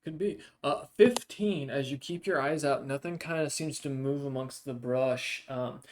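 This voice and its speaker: A man's voice: medium pitch, moderate pace. A man narrating as game master of a tabletop game, hesitant and full of ums and uhs.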